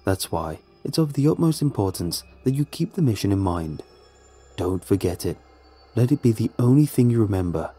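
A man's voice: on the low side, expressive, normal speed, mellow, slightly rough, soft background music. A man doing a stern, firm older official. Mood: insistent. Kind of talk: scripted horror narration.

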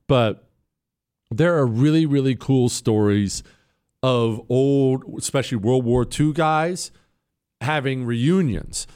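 On his talk radio show, a man chats casually and reads out listener emails. He's animated, and his voice leaps upward whenever he sounds incredulous.

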